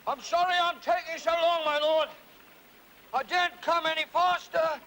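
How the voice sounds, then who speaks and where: An actor playing a loyal, formal English manservant, deferential and steady in his speech, in a 1970s TV crime drama. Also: extremely high pitch, normal speed, rough recording. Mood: urgent steady. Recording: 1970s TV film sound, light hiss.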